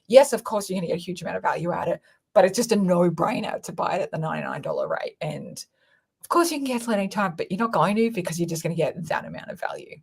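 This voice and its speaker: A woman hosting a casual livestream, reading viewer comments aloud and pitching her course in a frank, excitable, sweary way. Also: fast, vocal fry, husky. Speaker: online business coach hosting a livestream.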